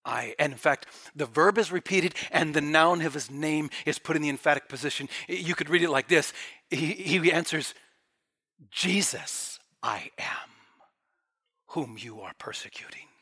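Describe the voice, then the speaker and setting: A man's voice: a little high, normal speed. A male preacher delivering a dramatic sermon, dropping to near-whispers and then surging with fervor. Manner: dramatic, swings from quiet whispers to fervent bursts.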